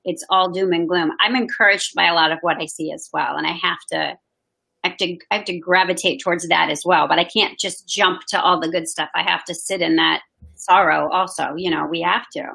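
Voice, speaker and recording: A woman who serves as a pastor, talking earnestly in a casual chat. Her voice is lowish and bright, with a gravelly edge. She speaks in a soft, heartfelt way. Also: fairly even intonation, fairly quick, poor audio. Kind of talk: casual conversation.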